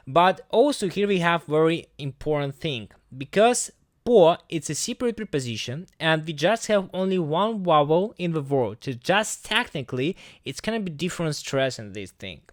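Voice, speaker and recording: A man with a Russian accent teaching the language, reading example words slowly and deliberately. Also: fairly high pitch, big pitch swings, no echo, studio quality. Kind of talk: language lesson explaining a sign.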